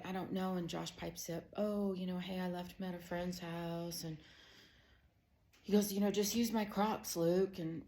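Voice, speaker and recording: A middle-aged woman tells a family story in a low-pitched, conversational voice. She speaks as a Christian counselor giving personal testimony, with plenty of "you know" and "um" fillers. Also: darkish tone. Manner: conversational storytelling, growing emotional.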